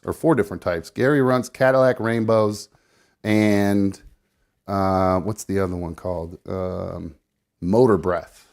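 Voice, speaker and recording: Low-voiced rambling man, casual and swearing. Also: darkish tone. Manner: rambling, swearing, self-narrating while rolling. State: slightly out of breath. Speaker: live show guest rolling a blunt. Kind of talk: casual live-stream chat.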